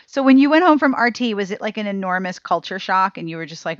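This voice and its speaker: A woman's voice: mid-range voice, expressive, fast, highs cut off. A woman podcast host chatting with her guest, reacting eagerly and laughing along. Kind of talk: casual interview chat.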